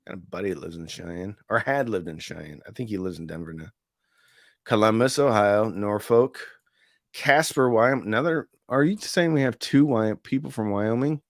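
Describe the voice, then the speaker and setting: A man's voice: fairly low pitch, animated, moderate pace, dry recording, studio quality. A middle-aged man hosting a casual live stream, chatting in a rambling way and reading viewer comments aloud. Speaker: livestream host reviewing audio deals.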